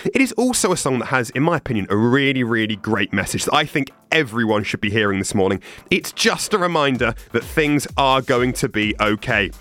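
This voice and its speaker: A man's voice: mid-range voice, animated, brisk, fairly bright tone. A man hosting a morning radio show, chatty and upbeat, talking into a studio mic. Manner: chatty and upbeat, self-deprecating. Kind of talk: breakfast radio presenting.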